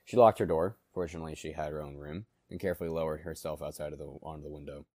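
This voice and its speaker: A man reading a story aloud in steady narration with occasional slips. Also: rumbling low, rapid-fire, no echo, clean studio sound.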